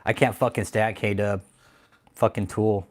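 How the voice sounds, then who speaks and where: A man's voice: lowish voice, flat delivery, a little slow. A man hosting a livestream, talking casually and then ranting heatedly with heavy swearing and repeated phrases. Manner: heated, profane, repeats himself. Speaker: channel host. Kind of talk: angry livestream rant.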